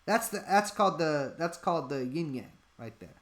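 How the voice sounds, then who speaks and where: A man's voice: fairly high pitch, lively intonation, moderate pace, a bit bright. A man co-hosting a live-stream chat, rambling through an absurd bit of mock-serious advice. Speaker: podcast co-host.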